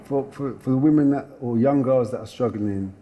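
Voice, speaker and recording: A man hosting an interview, soft-spoken and giving frequent quiet affirmations. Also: medium pitch, brisk, lo-fi sound. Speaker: podcast host and psychotherapist. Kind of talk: casual interview chat.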